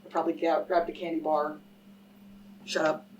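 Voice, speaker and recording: This lecturer's voice sits low, with a flat delivery at normal speed, a darkish tone and lo-fi sound. She is a scholar telling a story to a live audience at a public talk, emphatic and direct and frequently questioning the crowd, recorded a little far from the mic with faint background noise.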